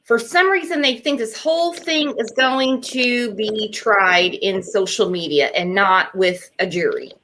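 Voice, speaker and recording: Brief: woman host, mid-pitched, blunt, hammers points by repeating. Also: unhurried, hardly any pauses, fairly bright tone, a little hiss or hum. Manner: blunt, emphatic, repeats herself. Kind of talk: casual chat.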